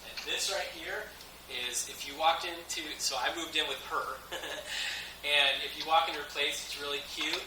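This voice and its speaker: A man telling a story to an audience at an event, animated and laughing often. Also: fairly high pitch, normal speed, background noise. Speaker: event speaker. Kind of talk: motivational storytelling talk. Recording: echoey hall from far off.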